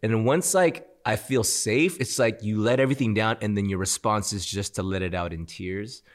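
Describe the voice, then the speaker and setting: A man's voice: lowish voice, normal speed. A man co-hosting a podcast, talking reflectively in a casual faith conversation, thinking aloud with restarts and laughs. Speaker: podcast co-host. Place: indoor studio at a shared meal.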